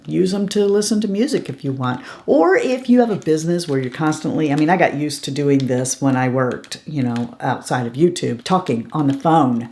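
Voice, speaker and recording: A woman's voice: low voice, lively intonation, normal speed, hardly any pauses, a little mellow. A middle-aged woman chatting casually and frankly while reviewing beauty products, often laughing and asking "okay?". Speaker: beauty vlogger.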